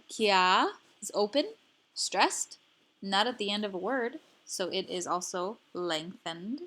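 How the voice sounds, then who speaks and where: Woman going slow thru a language lesson, says every word twice, careful teacher vibe. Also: medium pitch, fairly bright tone. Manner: slow, careful, repeats each word for learners. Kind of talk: slow instructional explanation.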